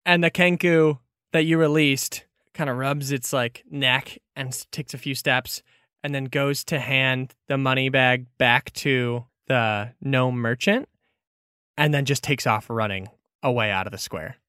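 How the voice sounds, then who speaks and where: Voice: mid-range voice, fairly even intonation, unhurried, fairly bright tone, clear, resonant tone, dry recording, studio quality. A game master narrating a tabletop game in a playful manner, often laughing.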